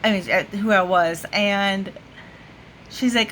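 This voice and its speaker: A woman's voice: mid-range voice, takes it slowly, fairly bright tone, slight background noise. A woman vlogger telling a story to the camera in a casual way, laughing often and full of fillers. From United States.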